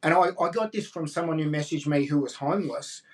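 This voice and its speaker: A man's voice: on the high side, a little fast, distant mic. An Australian man hosting a casual interview, talking in a conversational, indignant way. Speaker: podcast host.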